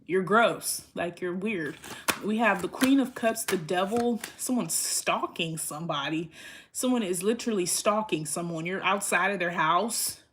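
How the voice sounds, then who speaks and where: A woman's voice: fairly low pitch, a little slow, fairly bright tone. A woman giving a casual tarot reading in a blunt, rambling way, swearing freely. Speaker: tarot reader.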